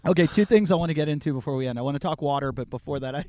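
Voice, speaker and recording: A man's voice: on the high side, very fast, a little hiss or hum. A man telling a story on a podcast in a casual way, acting out the people in it. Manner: animated, acts out the people in his story. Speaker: podcast guest.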